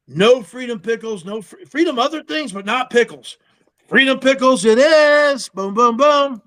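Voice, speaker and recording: Speaking unhurriedly in a very high voice, a man who co-founded a pickle company recounts casual stories of getting the business going during an interview. He's an animated storyteller who acts out the dialogue and lets some salty language slip.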